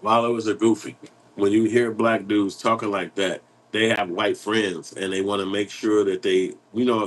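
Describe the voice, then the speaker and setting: A man's voice: on the low side, rough recording. A man hosting an online commentary show, talking in a blunt, profane, rambling street style while reading and answering chat.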